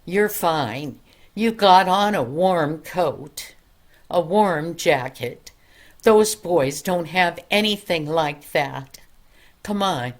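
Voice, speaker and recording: Casting: stern storybook policeman, low and commanding, slow orders, as a grandmother reads him. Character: stern tall male city policeman.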